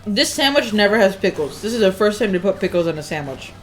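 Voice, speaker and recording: A woman's voice: mid-range voice, lively intonation, fast, faint music behind. A woman hosting and commentating a tournament in casual chat, laughing often and chatting while she eats. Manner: giggly, laughs often, chats while eating.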